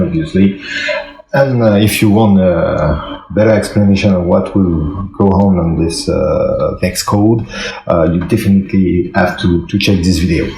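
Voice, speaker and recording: A man with a French accent, a non-native speaker, walks through a software tutorial, hesitant and full of fillers, recorded on a phone microphone. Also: vocal fry, background noise. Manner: hesitant, many fillers, talks through steps. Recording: echoey room, low-quality phone mic, soft music.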